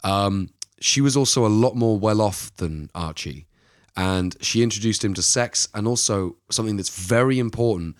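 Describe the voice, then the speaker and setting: A man's voice: fairly low pitch, moderate pace, dry recording, clean studio sound. A man co-hosting a casual true-crime podcast, telling the story in a rambling, playful way. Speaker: podcast co-host.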